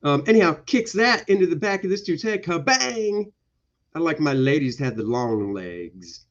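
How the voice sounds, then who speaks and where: A man's voice: a little high, animated, brisk, lo-fi sound. A male comic book artist giving casual, jokey commentary on his pages during a livestream. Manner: playful, jokey, slips into goofy voices.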